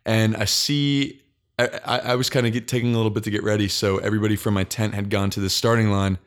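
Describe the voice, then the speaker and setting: A young man telling a long personal story in casual podcast chat, halting often and restarting his sentences. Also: on the low side, fairly even intonation. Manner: halting, frequent restarts and fillers.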